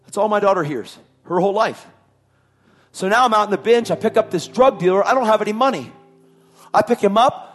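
A man's voice: high voice, animated, fairly quick, a bit bright, faint music behind. A man telling his personal testimony in an emphatic way, repeating his phrases for weight. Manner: emphatic, repetitive storytelling. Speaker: testimony speaker.

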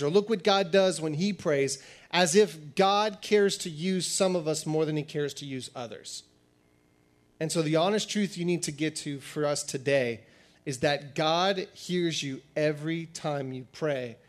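A pastor giving a sermon in a conversational, animated style, acting out little dialogues as he teaches. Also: fairly high pitch.

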